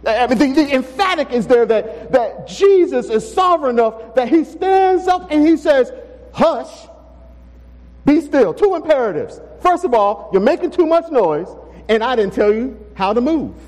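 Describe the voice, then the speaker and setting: A man's voice: extremely high pitch, big pitch swings, moderate pace, in a large hall, rough recording. A man preaching a sermon as pastor, emphatic and full of rhetorical questions, in a church sanctuary. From Texas.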